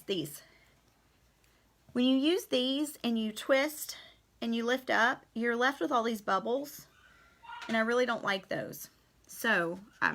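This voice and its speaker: A woman's voice: a little high, sharp tone, slight background noise. A woman in her thirties chatting through a live-streamed painting demo, friendly and casual, addressing her viewers as y'all. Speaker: painting teacher.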